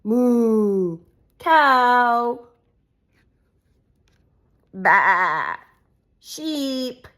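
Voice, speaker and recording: A woman's voice: mid-range voice, lively intonation, very slow, pauses often. A woman reading a farm animal picture book aloud to a small child, making the animal sounds in a sing-song way. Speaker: reader for a child.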